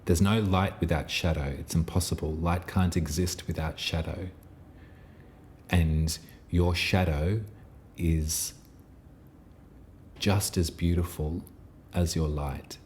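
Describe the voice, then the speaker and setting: A man giving an intuitive tarot reading in a soft, reassuring, meandering way, pausing often and restarting his phrases. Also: low-pitched, steady tone, slight background noise. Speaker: tarot reader.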